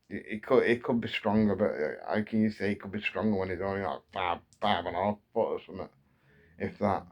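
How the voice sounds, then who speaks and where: A man's voice: lowish voice, darkish tone. A man in his thirties from England, an angry football fan ranting on his channel, repeating himself as his frustration builds. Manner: heated, repetitive, building frustration. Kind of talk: angry fan rant to camera.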